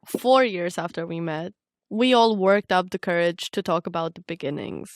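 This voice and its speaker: A woman's voice: on the low side, normal speed, no echo. A young Romanian-born woman, a native Romanian speaker, reads scripted documentary narration about her own life. Her delivery is reflective and personal. The recording is close and completely dry, with no room sound. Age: young adult. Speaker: narrator and reporter.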